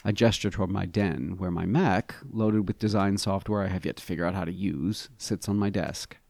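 A man reading a first-person story aloud with a wry, expressive delivery. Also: deep voice, normal speed, creaky, dry recording. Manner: expressive, wry, animated inflections. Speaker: narrator.

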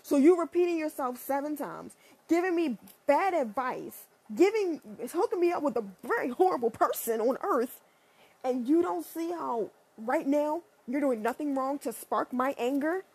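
A woman ranting in a blunt, profane and sarcastic monologue, leaping up and down in pitch. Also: moderate pace. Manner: animated, with sudden pitch jumps.

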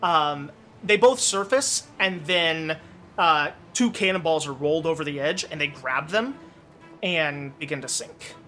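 A man's voice: fairly high pitch, measured pace, pushed and bright, slight background noise. A man narrating a tabletop game as game master, loose and descriptive with many fillers.

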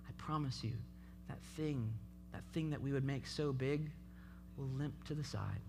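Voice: medium pitch, moderate pace, vocal fry, music in the background. A speaker giving an impassioned sermon at a youth event, urging listeners with repeated calls. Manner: impassioned, repetitive exhortation.

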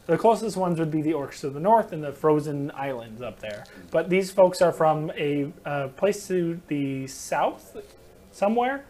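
A man runs a tabletop game in a loose, chatty way, stopping for fillers and laughs as he narrates. His voice sits a touch higher than most men's. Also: expressive, a little slow, darkish tone. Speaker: game master.

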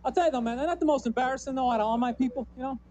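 A man's voice: very high voice, racing, warm tone. A man doing a stand-up routine, loose and rambling, peppering lines with "you know" and "man". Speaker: stand-up comedian.

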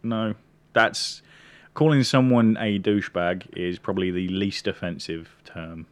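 Very deep-voiced joking man. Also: fairly even intonation, measured pace. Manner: joking, swears casually. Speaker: podcast co-host. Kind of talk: casual chat.

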